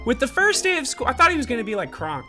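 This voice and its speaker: A woman's voice: high voice, very animated, fast, sharp tone, soft background music. A young woman streamer giving giggly, gushing let's-play commentary as she reads a story game aloud. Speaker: gaming streamer.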